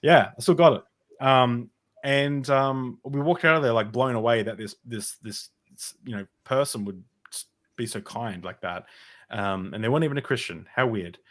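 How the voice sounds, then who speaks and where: A man's voice: medium pitch, normal speed, fairly bright tone. A man talking as a podcast guest, telling his personal story in a casual, rambling way with many fillers and restarts.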